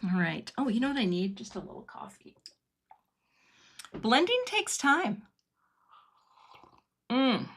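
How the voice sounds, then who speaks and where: A woman's voice: medium pitch, expressive, fairly quick, vocal fry, few pauses, a little hiss or hum. A middle-aged woman hosting a casual card-making livestream from her home craft studio, thinking aloud as she works and answering viewer comments.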